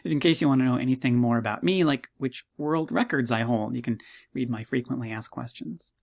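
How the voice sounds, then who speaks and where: A man teaches a university psychology course in a recorded walkthrough. He talks fast and casually, with self-mocking jokes. His pitch jumps when something amuses him. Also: gravelly. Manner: chatty, self-mocking, jokey asides; quick, animated delivery with sudden pitch jumps.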